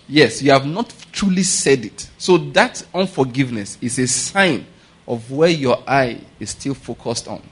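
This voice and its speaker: Pastor preaching a lively sermon. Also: male voice, mid-range voice, slightly rough. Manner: animated storytelling with pidgin asides, laughing; repeats questions to the congregation.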